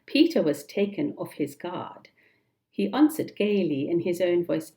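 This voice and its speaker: Woman storybook reader, low and slow, calm and measured. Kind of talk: children's storybook narration.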